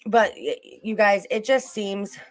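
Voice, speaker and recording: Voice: medium pitch, fairly even intonation, measured pace, vocal fry. Rambling livestream host talking to chat. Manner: rambling, with frequent restarts and asides to the chat. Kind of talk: casual true-crime commentary on a livestream.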